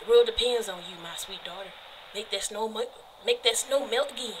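A woman's voice: medium pitch, fairly quick, a little hiss or hum, close to an everyday voice, low-quality recording. A woman voicing an older country grandfather in a horror game, with a put-on Southern US country accent and a solemn, earnest manner.

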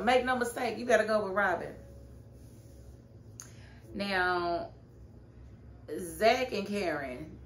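A woman reviewing a TV episode in a casual, animated and sassy way, often scolding the characters directly. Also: medium pitch. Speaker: TV show reviewer. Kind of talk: casual TV recap vlog. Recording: echoey room with faint noise.

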